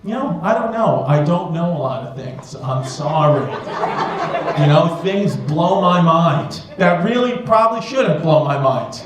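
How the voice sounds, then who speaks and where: A man's voice: fairly high pitch, animated, unhurried. A man performing a stand-up comedy set, riffing with the audience in a rambling, profane way. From United States. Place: comedy club stage with a laughing audience. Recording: echoey club with loud crowd laughter.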